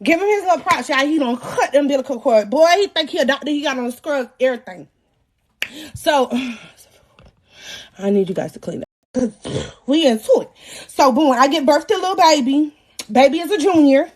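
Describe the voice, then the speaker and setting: A young woman in her twenties casually telling her viewers a story, animated, profane and self-mocking, acting out the voices of the people in it. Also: high voice, moderate pace, pauses often. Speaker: vlogger.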